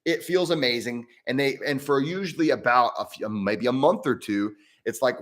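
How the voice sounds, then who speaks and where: A man's voice: moderate pace, few pauses. Chatty, rambling male breathwork host. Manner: rambling and chatty, with frequent restarts and self-corrections; animated, with pitch jumping up and down. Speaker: breathwork coach and live-stream host. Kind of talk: casual live-stream chat answering viewer mail.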